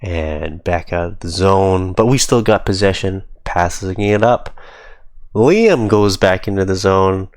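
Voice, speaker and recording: A man's voice: low-pitched, measured pace, dry recording. A man casually reviewing his hockey team's game footage, giving easygoing, amused play-by-play.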